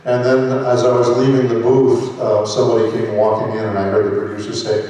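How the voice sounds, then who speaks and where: A man in his sixties, a voice actor on a convention panel, telling lively anecdotes and self-mocking jokes into a handheld mic. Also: medium pitch, brisk, hardly any pauses. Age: 60s. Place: large convention hall. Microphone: handheld microphone. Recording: echoey hall, voice from far off.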